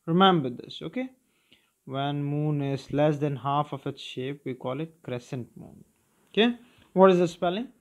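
A man, teaching a children's lesson, who keeps asking "okay?" and "clear?". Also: a little high, lively intonation, moderate pace, dull audio. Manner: repetitive, checking understanding with "clear?" and "okay?". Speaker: English teacher. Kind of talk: recorded primary school lesson.

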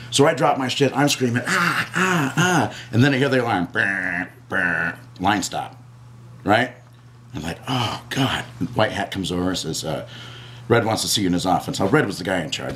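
Man guest, low voice, lively raconteur, light background noise. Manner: animated storyteller, acts out screams and quotes. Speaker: interview guest. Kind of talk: storytelling anecdote.

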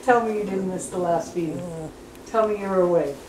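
A woman's voice: fairly low pitch, brisk. Woman, breeder, cooing baby talk, distant mic, echoey room, background noise. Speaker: dog breeder. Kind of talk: casual vlog narration. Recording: roomy, from far off, noisy.

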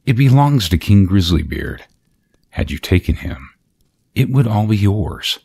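A man's voice: on the low side, sing-song, a little slow, creaky, a little mellow, husky, pitched above the performer's own voice, heavily acted. A man voicing a poor traveling fiddler who speaks bluntly and scolds his wife, as whispered role-play in a storybook reading. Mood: teasing.

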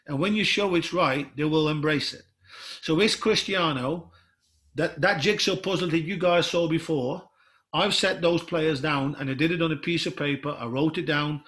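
A man's voice: a little high, moderate pace, a bit bright. A middle-aged man, a football coach presenting to other coaches in an explanatory way, restarting sentences often. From Netherlands. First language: Dutch. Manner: explanatory, retells dialogue, many restarts.

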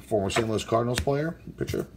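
A man's voice: mid-range voice, lively intonation, fast, background noise. A man opening packs of baseball cards, casually reading out player names and sometimes stumbling over hard ones. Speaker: sports card collector opening packs. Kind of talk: casual card-break commentary.

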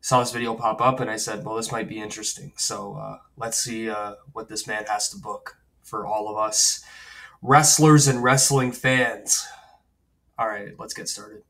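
Bright easygoing man, off-mic. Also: on the low side, completely flat delivery, normal speed, gravelly, hardly any pauses, distant mic, rough recording. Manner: easygoing, many fillers. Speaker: reaction video host. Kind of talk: casual reaction chat.

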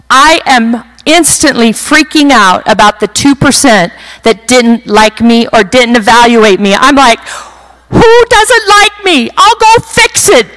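A middle-aged woman speaker at a women's retreat, telling a personal testimony in an animated storytelling way. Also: sits high, poor audio. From western United States. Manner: animated storytelling, acts out her own panic.

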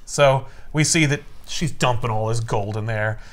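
A man hosting a podcast, casually recapping a comic story in an animated way, acting out the characters and saying "like" often. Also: medium pitch, moderate pace. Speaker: podcast host.

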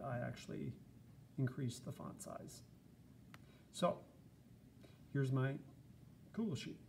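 A man's voice: medium pitch, gravelly, dark tone, a little hiss or hum. A man giving a casual, chatty screencast lesson, explaining step by step with fillers. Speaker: teacher.

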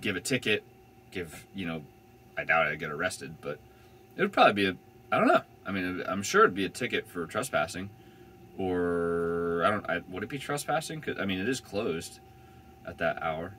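A man's voice: low voice, sing-song, moderate pace, pushed and bright, slight background noise. A young man telling a van-life story in a casual, rambling way, full of fillers and swearing. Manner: rambling, laid-back, swears freely, many "like" fillers.

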